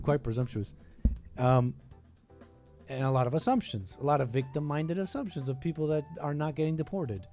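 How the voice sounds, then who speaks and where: Sarcastic man hosting a call-in show. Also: fairly high pitch. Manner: sarcastic, animated, mocking. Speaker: podcast host. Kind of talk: reaction commentary on a clip.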